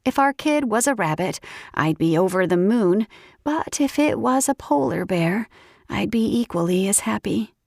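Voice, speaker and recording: A woman narrates a first-person romance audiobook with lively, expressive delivery. Her voice sits at an average pitch for a woman. The recording is close and dry, with no room echo. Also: moderate pace, vocal fry.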